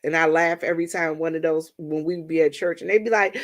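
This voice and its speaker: A woman's voice: lowish voice, steady tone, fast, hardly any pauses. Chatty woman livestream host. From Washington, D.C. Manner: chatty, storytelling, addresses viewers as y'all. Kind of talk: casual chat with viewers.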